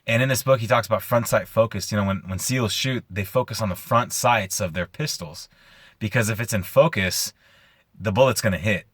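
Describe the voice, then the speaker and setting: A man's voice: fairly low pitch, a little fast, a bit bright, breathy edge, no room sound, studio quality. A man hosting his own show, retelling a story casually and with animation, using lots of "like" fillers. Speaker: host.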